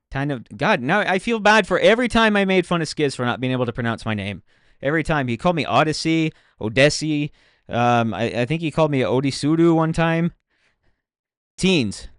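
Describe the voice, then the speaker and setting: Male streamer, self-mocking running commentary, smooth voice, dry close sound. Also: fairly high pitch, a bit bright, no room sound. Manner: chatty, self-mocking, talks to himself while playing. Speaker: game streamer. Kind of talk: casual gameplay commentary.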